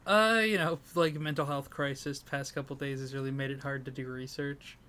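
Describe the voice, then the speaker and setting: A man's voice: mid-range voice, little pitch movement, a little fast, a bit bright. A man co-hosting a casual comedy podcast, rambling and self-deprecating, sleep-deprived and breaking into laughter. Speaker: podcast co-host.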